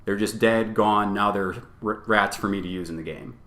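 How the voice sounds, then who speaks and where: A man co-hosting a podcast, telling a tabletop tournament story in a casual, animated and profane way, acting out both sides of the argument. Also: on the low side, moderate pace. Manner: animated, profane storytelling with quoted back-and-forth. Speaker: podcast co-host. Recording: roomy echo.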